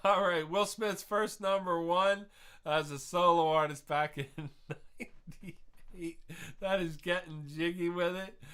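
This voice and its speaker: A man's voice: sits high, fairly even intonation, slow, bright, forceful tone, clean tone. Laughing, rambling quiz host, a man. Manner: laughs at his own jokes, rambling rants. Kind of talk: live-streamed quiz hosting with chatty asides.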